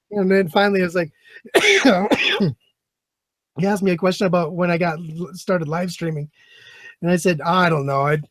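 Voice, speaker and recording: A man's voice: high voice, sing-song, slow, long pauses, no room sound, clean studio sound. A man, a former soldier, telling stories in casual chat with lots of swearing and laughter. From United States. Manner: profane, laughing storyteller. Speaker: podcast guest and former soldier.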